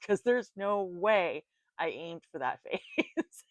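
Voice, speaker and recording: A middle-aged woman with a lowish voice gives a casual tarot reading, slowly drifting into rambling stories. She's chatty and animated, laughing often, and the sound is close and dry with no room echo.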